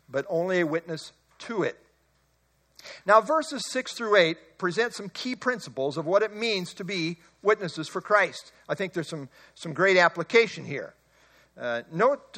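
Guy preaching a bible sermon, high bright voice, leans hard on key words. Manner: emphatic, rises and slows on key words. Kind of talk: expository sermon.

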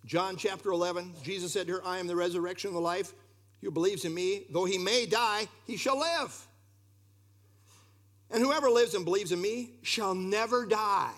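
A man's voice: high-pitched, animated, moderate pace, fairly bright tone. A man preaching a sermon, emphatic and putting questions straight to his listeners. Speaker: pastor.

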